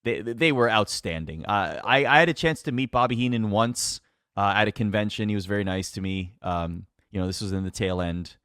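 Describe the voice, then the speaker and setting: A man's voice: on the low side, fairly quick, a bit bright, clear, resonant tone, no room sound, clean studio sound. A man, a wrestling announcer, tells stories in casual chat with lots of animation, laughter and fillers. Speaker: wrestling announcer, podcast guest.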